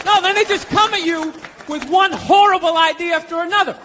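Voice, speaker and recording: A man's voice: extremely high pitch, a little fast. A man doing a stand-up comedy set, ranting and sarcastic with a lot of profanity, in front of a live audience. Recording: live show with loud crowd laughter and room noise.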